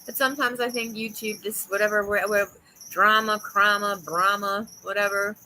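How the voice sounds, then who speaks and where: A woman with a New York accent hosts a casual livestream chat, giggly and rambling as she jumps from topic to topic and breaks into silly voices. Her mid-range voice has a steady tone, is a little fast, pushed and bright, and the rough recording carries a little hiss or hum.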